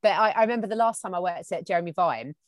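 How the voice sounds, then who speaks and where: An English woman with a lowish voice chats about her work on TV, telling stories and playing out what others said to her. The sound is close and dry, with no room around her. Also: quick pace, no echo. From England. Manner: chatty storyteller, acts out quoted dialogue. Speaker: TV presenter as guest. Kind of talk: casual chat.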